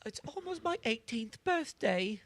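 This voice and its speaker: A man voicing a prissy teenage princess in a mocking falsetto. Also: big pitch swings, unhurried, full character voice.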